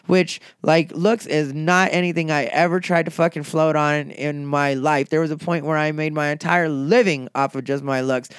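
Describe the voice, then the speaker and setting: A middle-aged stand-up comedian talking in a casual, profane and combative monologue. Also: male voice, on the high side, steady tone, moderate pace, clear, resonant tone, no room sound, studio quality.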